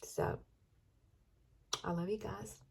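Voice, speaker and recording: Slow and steady, her mid-range voice carries vocal fry and a breathy edge. She's a beauty vlogger in her fifties with a Southern Alabama accent, chatting warmly through a get-ready-with-me makeup routine and growing emotional, sometimes on the verge of tears.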